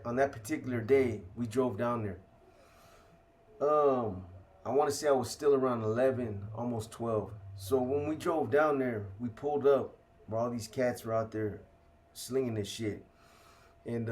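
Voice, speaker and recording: A man with a medium-pitched, darkish voice casually tells a story from his own life. He uses street slang, curses heavily, and keeps tacking "man" onto the end of his sentences.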